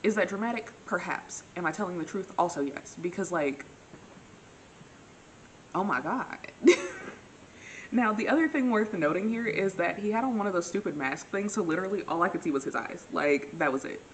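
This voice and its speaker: A young woman with a low, deep-set voice tells a dating story in a casual, dramatic way, full of playful asides. A faint hum sits behind her voice. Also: fairly quick, poor audio. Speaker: vlogger.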